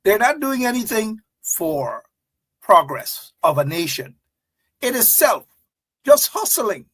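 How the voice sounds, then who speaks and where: A man's voice: high voice, wildly swooping pitch, slow, a bit bright, breathy edge. A man hosting political commentary, mocking and emphatic, repeating points for effect. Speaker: host.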